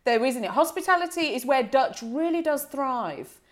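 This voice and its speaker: A high-voiced woman trades quick jokes in a casual podcast chat. Her talk is teasing and playful, and she answers her co-host in short, witty asides. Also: animated.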